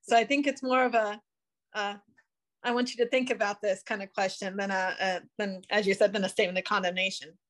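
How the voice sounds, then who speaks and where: A woman in a study group, sharing a thought in casual discussion and pausing often with uh. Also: mid-range voice, steady tone. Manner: hesitant, many uh fillers.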